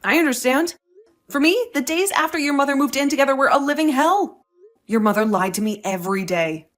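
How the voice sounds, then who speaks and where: A woman's voice: high voice, lively intonation, brisk. A woman voicing a young wife who defends herself, defiant and sarcastic toward her husband, in a voiced drama story. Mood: cold. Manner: indignant, sarcastic.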